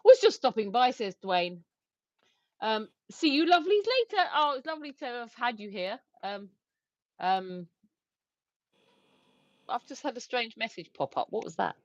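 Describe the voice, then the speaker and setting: A woman with a slightly high, darkish voice co-hosts a casual livestream, speaking a little slowly and pausing often. She laughs frequently and reads viewer comments aloud, in dry, slightly dull lo-fi stream audio without echo.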